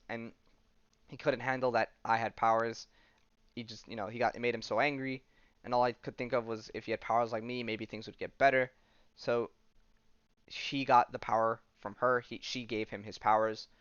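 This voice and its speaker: A man's voice: fairly low pitch, a bit bright, clean tone, no echo, muffled recording. A man casually retelling a comic book story on a podcast, rambling with lots of fillers. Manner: rambling, full of "she's like" and fillers. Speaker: podcast host.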